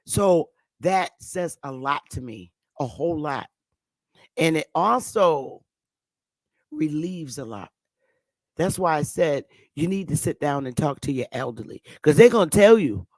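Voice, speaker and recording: A woman with a Northern US accent giving blunt, animated, casual commentary as host, swearing freely. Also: deep voice, unhurried, dry recording. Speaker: channel host.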